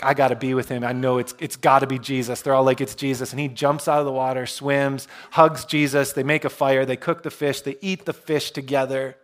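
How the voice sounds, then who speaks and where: A male pastor preaching a sermon, retelling scripture in a relaxed, storytelling way with self-deprecating humor. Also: a little high.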